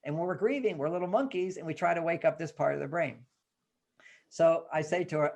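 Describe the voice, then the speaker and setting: A man, a guest in an interview, telling a parenting story in an animated way and acting out the dialogue. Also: on the high side, brisk, vocal fry. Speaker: guest author.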